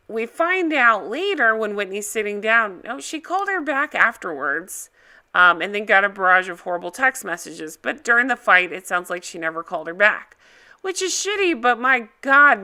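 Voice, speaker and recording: A woman's voice: medium pitch, sing-song, normal speed, bright, forceful tone, smooth. A woman hosting a reaction video, giving a casual, blunt and opinionated recap.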